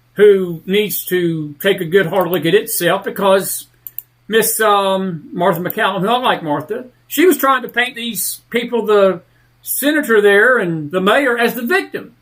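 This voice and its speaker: Fired up, a man hosting talk radio tears into political topics, leaning hard on drawn-out, emphatic words. The voice is fairly high and slightly bright.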